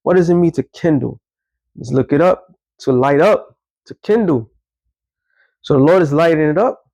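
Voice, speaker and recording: A man's voice: fairly high pitch, lively intonation, moderate pace, darkish tone, no echo, low-quality recording. A man giving casual, rambling religious commentary, emphatic and often correcting himself mid-sentence. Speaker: online commentator.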